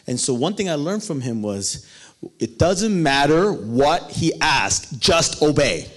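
Male preacher, lively storyteller, somewhat high voice, acts out other people's voices. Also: slow. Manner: animated storytelling with acted-out voices. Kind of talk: sermon.

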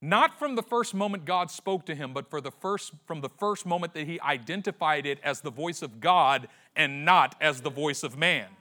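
A high-pitched male pastor whose voice leaps all over as he tells the story. He acts out the characters in slangy voices, drops to a hush, then rises again. The tone is bright and ringing. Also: lively intonation, moderate pace, hardly any pauses. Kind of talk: sermon.

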